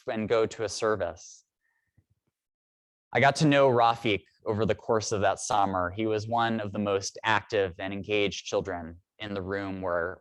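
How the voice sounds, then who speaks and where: Low-voiced priest telling a story. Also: male voice, dry recording. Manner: reflective storytelling, measured with pauses. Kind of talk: sermon. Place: church.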